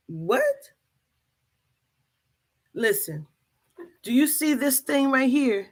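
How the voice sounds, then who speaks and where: A woman vlogger telling a comic story straight to camera, loud and profane, breaking into laughter. Her voice is a touch husky and sits a little high. She talks slowly but swings her pitch up and down a lot. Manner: animated, profane, bursts of laughter. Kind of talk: casual comedic storytelling to camera.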